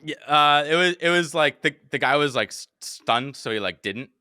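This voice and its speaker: Bright, dry-voiced young man telling a story. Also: fairly high pitch, normal speed, clear, resonant tone, no room sound. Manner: animated, swears often, acts out his own panicked quotes. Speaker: podcast host telling a story. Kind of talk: casual storytelling chat.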